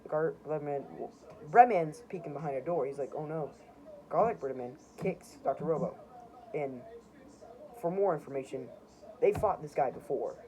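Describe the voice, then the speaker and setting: Young amateur comic artist, loose self-mocking ramble, steady hiss behind him. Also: male voice, fairly high pitch, moderate pace. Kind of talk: casual show-and-tell narration. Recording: noisy home recording.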